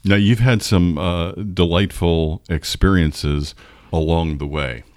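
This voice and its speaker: A man's voice: deep voice, steady tone, slow pace, a little mellow, no room sound. A man interviewing a guest, asking friendly, encouraging questions.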